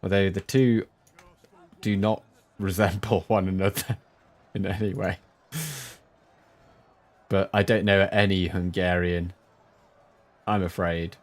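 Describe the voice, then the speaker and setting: A man streaming a strategy game, chatting with viewers between sudden excited outbursts. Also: low voice, slow, pauses often. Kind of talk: live gameplay commentary.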